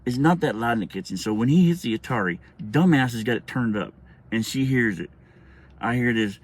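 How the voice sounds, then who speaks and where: A man's voice: mid-range voice, fairly quick, slightly rough. A middle-aged man telling a childhood story in a casual, rambling, profane way with many restarts.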